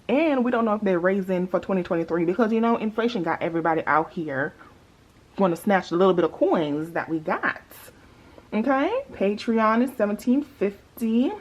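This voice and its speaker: A woman's voice: medium pitch, a little mellow, low-quality recording. A woman budgeting vlogger chatting casually to her viewers in a sassy, playful way with joking asides.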